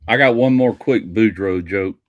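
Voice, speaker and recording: A man's voice: lowish voice, moderate pace, no room sound, narrow, tinny audio. A man hosting a casual livestream chat, telling jokes as a folksy storyteller. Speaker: livestream host.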